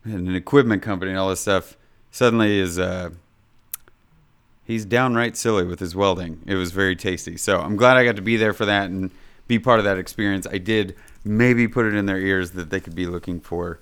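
A man's voice: low voice, fairly even intonation, a little fast, fairly bright tone, clear, resonant tone. A man from Kansas, co-hosting a podcast and telling stories in a rambling, upbeat way. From Kansas, USA. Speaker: podcast co-host. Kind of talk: casual podcast chat.

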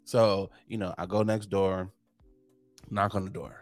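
A young adult man co-hosting a casual podcast, telling profane, animated stories and acting out what people said. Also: sits low, unhurried, no echo, soft background music. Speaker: podcast co-host. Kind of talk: casual chat.

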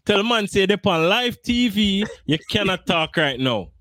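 A man talks football in loose, patois-heavy banter. His pitch swings widely as he argues. The sound is close and dry, with no room around it. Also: animated, a little slow, fairly bright tone, no echo. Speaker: podcast co-host. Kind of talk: casual football chat.

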